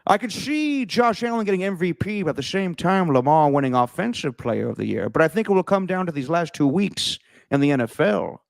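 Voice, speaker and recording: A grumbly, drawling Grinch-style cartoon voice, as a man puts it on mid-podcast, half stuck between old movie stars. It swings widely up and down in pitch and keeps stumbling into laughter. The sound is dry and close, with no room around it. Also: expressive, vocal fry, no echo. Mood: mock-serious. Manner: halting, breaks up laughing mid-line. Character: botched Grinch impression, grumbly male cartoon voice. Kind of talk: casual podcast banter.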